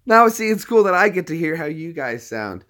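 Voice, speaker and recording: A man's voice: fairly high pitch, very animated, normal speed, a bit bright. A man hosting a casual livestream, chatty and upbeat, talking straight to his viewers. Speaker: livestream host.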